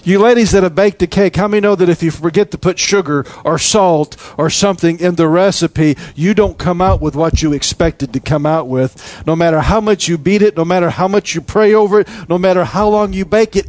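Guy preaching, kinda high voice, lively, plays out little voices and laughs. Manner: animated, acts out quoted voices and laughs. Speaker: pastor. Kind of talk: sermon.

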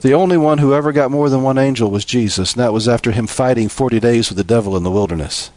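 A man preaching a sermon, building from steady teaching to impassioned, emphatic appeals. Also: mid-range voice, fast, no room sound.

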